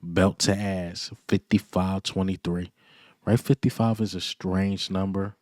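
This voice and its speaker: A man with a lowish voice rants about his team's win in a casual fan video. He is excited and boastful, repeating lines for emphasis and trash-talking rivals. The sound is dry, with no room echo. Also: measured pace. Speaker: sports fan vlogger. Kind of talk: casual fan reaction rant.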